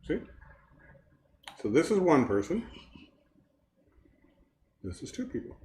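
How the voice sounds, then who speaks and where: A man's voice: on the high side, sing-song, slow, mellow. A man co-hosting a cooking show, chatting casually with a dry, teasing manner. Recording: echoey kitchen with background noise.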